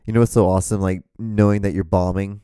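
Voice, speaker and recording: A man's voice: deep voice, level tone, quick pace, warm tone, clear, resonant tone, no room sound. A man in his thirties hosting a podcast alone, rambling casually with lots of fillers, restarts and swearing. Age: 30s. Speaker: podcast host.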